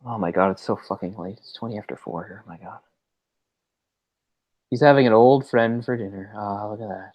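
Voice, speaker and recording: A man's voice: lowish voice, moderate pace, long pauses, dull audio. A man co-hosting a casual late-night movie commentary, chatty and opinionated. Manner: chatty, mimics characters in quotes. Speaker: commentary co-host.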